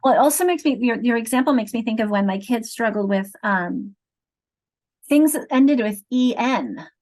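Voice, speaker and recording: Woman literacy trainer, higher voice, patient explainer on a video call. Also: expressive, darkish tone. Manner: explanatory, sounds out syllables slowly. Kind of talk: online teacher training.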